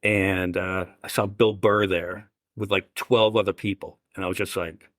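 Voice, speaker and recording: Co-host, man from the Boston area; low, dry-sounding voice, eager and rambling. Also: level tone, normal speed, fairly bright tone, dry recording. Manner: eager, rambling fan talk. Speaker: podcast co-host. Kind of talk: casual podcast chat.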